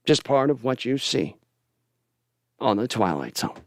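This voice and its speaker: A man impersonating a solemn, clipped TV anthology narrator, speaking slowly and ominously with a stiff upper lip. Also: medium pitch, sing-song, no room sound, clean studio sound, pitched below the performer's own voice.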